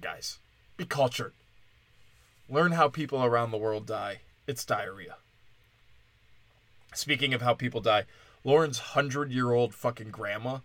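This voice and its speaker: A man's voice: mid-range voice, a bit bright, dry recording. A man from Wisconsin hosting a solo comedic rant, profane and sarcastic, swinging between mocking asides and exasperated outbursts.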